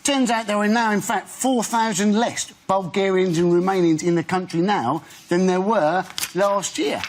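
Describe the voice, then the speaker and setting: Male panel comic, high-pitched, dry punchlines, studio noise. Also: moderate pace. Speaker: comedian panellist. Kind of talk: stand-up banter on a panel show. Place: TV studio with a live audience.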